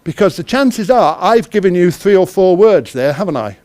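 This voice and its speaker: Man with a high voice leading a hands-on workshop session; keeps asking the audience questions. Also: animated, normal speed, a little mellow. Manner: quizzes the audience and acts out little dialogues. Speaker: conference speaker, project manager. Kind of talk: interactive workshop talk.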